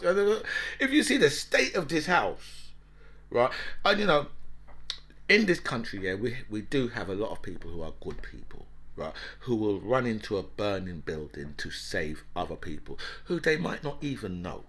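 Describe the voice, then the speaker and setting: A man talking in a loose, rambling monologue. His voice is bright and lively and climbs and dips a lot, and he laughs often and keeps tagging "right?" onto his points. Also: mid-range voice, normal speed. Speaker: talk show host. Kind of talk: casual monologue.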